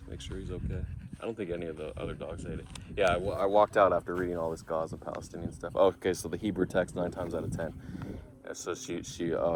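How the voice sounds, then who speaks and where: Low-voiced man rambling in a casual vlog. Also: a little hiss or hum. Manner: rambling, self-correcting, thinking aloud. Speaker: vlogger.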